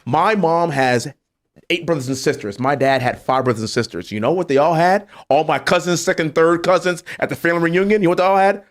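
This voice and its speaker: A congressman speaking as a podcast guest, earnest and emphatic, telling stories from his own family. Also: brisk. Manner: lively, swings between low serious tones and high exclaiming. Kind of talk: casual podcast conversation.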